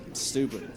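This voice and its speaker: A man in his thirties doing a brash, profane stand-up comedy set at a comedy club. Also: background noise. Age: 30s. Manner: brash, profane, animated delivery. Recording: live club recording with crowd laughter. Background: audience laughter.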